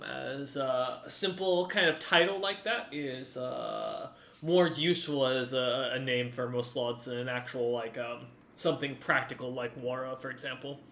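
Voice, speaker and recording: A man's voice: medium pitch, gravelly, a bit bright. Man narrating as game master, roomy sound. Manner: casual, halting narration with fillers.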